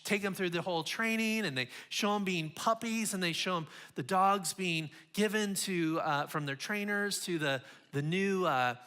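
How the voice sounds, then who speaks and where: A man's voice: on the high side, pushed and bright. A man in his forties giving a sermon as a guest speaker, earnest and confessional, often restarting his sentences.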